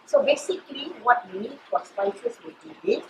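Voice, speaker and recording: A middle-aged woman chef, Malaysian-accented, demonstrates cooking live in a hotel kitchen that echoes, with a little hiss or hum on the audio. Her high voice swings widely in pitch at a moderate pace. She explains in a chatty way, checking in with her audience through "you know" and "all right."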